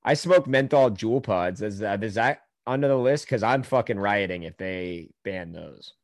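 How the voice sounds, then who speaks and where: A man's voice: lowish voice, moderate pace, dry recording. A man hosting a podcast in a crude, joking, ranting casual chat. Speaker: podcast host.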